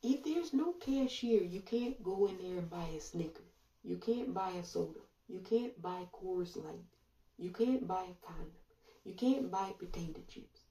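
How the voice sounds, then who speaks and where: A woman commentator delivering a sarcastic monologue full of rhetorical questions and drawn-out pauses. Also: fairly low pitch, warm tone, recorded from a distance. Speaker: online commentator. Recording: roomy echo, voice away from mic.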